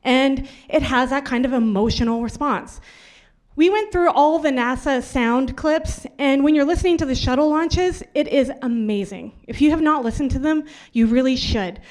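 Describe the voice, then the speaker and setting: High-voiced chatty woman presenting. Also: moderate pace, darkish tone. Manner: chatty, playful, self-mocking. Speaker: hackathon team presenter. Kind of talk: casual demo presentation.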